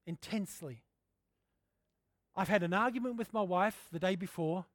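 Man, middle-aged, pastor, sermon, conversational and candid, high pitch, dry recording. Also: measured pace, pauses often, no room sound. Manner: candid, conversational preaching with frequent throat clearing.

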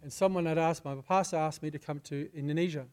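Fervent older preacher, high voice. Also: male voice, fairly even intonation, fast talker, faint music behind. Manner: fervent, conversational storyteller, gets loud in bursts. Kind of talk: sermon with prayer and personal testimony. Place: church.

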